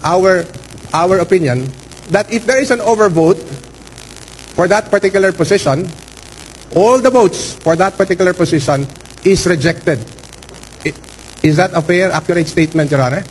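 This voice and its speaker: A man speaking as a lawyer for a candidate, making a formal manifestation before a canvass board, deliberate and formal, stressing key words and pausing with fillers. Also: sits high, slight background noise, low-quality recording. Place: hearing room.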